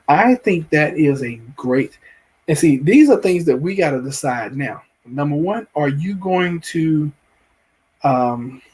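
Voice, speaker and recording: Hosting a livestream show, this Southern US man talks casually with viewers, rambling and often restarting his phrases as he responds to them. He has a slightly high voice with a darkish tone.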